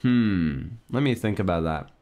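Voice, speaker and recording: A man's voice: deep voice, animated, measured pace, mellow. Joking young man streaming a video game. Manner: joking, reads game dialogue aloud with lots of laughs. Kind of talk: casual gameplay commentary.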